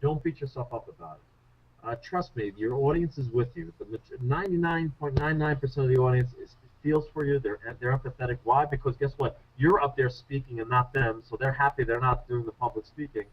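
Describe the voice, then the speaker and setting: Man, speaking coach, interview guest, animated storyteller, self-deprecating, muffled radio sound. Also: mid-range voice, a little fast. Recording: muffled radio show audio.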